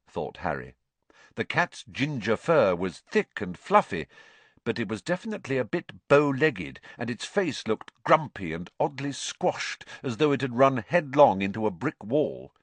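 A man narrating a storybook in an expressive, animated reading. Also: lowish voice, no echo. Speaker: audiobook narrator.

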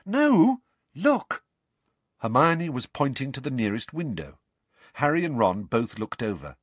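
Male audiobook narrator, expressive, animated delivery. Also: mid-range voice, normal speed, no room sound. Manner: expressive storytelling. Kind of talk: scripted narration.

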